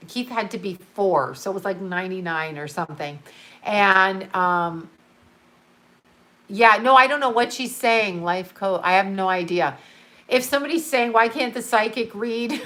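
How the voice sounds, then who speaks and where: A woman's voice: mid-range voice, a bit bright. Chatty, profane woman telling stories. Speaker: psychic livestream host. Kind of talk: casual livestream storytelling.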